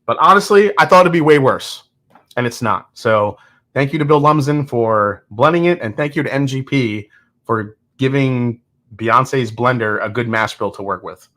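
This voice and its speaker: A man in his thirties hosting a live whiskey-tasting stream, talking casually and candidly with viewers. His voice is bright and forward, at an average pitch for a man. He jokes often and restarts his sentences as he thinks aloud. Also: animated, moderate pace. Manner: candid, joking, with frequent restarts and laughs.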